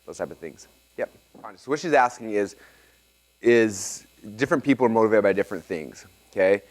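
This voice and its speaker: A man teaching a live seminar to an audience and taking their questions, energetic and excitable, often checking in with "okay?". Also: lowish voice, brisk. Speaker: seminar presenter.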